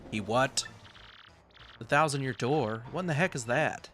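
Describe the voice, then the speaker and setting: A man's voice: mid-range voice, unhurried, fairly bright tone, natural voice. Bowser, a man voicing him. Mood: furious. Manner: boastful, gruff, easily outraged. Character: blustering male turtle king villain.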